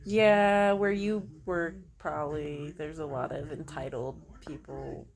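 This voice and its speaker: A woman's voice: sits low, steady tone, takes it slowly. A young adult woman chatting casually, blunt and jokey, swearing freely. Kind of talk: casual chat.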